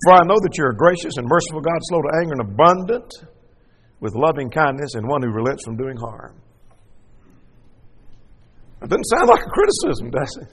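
Animated preacher man in a reverberant hall. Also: a little fast, pauses often, breathy edge. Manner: expressive, acts out scripture with rising pitch and drops to quiet asides. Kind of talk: sermon.

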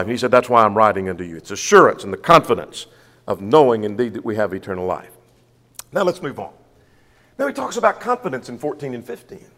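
Heard through a long hall reverb, a man with a slightly high, somewhat bright voice delivers a sermon and Bible study. He preaches with emphasis, asks rhetorical questions, and reads passages of scripture aloud.

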